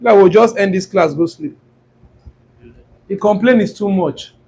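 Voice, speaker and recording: A man's voice: high-pitched, unhurried, dark tone, low-quality recording. A man with a Nigerian accent, hosting a casual live-stream trading class and mixing Pidgin with English while teasing his viewers. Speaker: forex trading class host. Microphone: clip-on mic near the throat. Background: wind noise on the mic.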